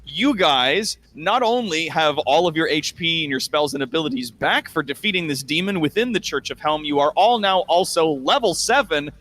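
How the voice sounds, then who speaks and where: Male game master narrating a tabletop game, bright voice, relaxed, with many fillers. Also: on the high side, moderate pace, hardly any pauses, slight background noise.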